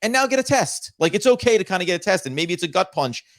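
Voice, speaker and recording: A man co-hosting a basketball podcast, talking in long, energetic run-on points in casual chat. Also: high voice, fast, dry recording, studio quality. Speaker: podcast co-host. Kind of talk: casual sports podcast talk.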